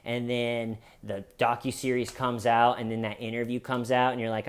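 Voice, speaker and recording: A man's voice: medium pitch, little pitch movement, moderate pace, few pauses, smooth. A man hosting a casual commentary show, talking in a sarcastic, mocking way. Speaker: host.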